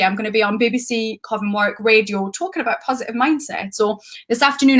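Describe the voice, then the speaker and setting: A woman's voice: fairly high pitch, fairly bright tone. A woman in her thirties with a Geordie accent, hosting a casual live-stream coaching talk from home in a chatty, rambling, self-deprecating way.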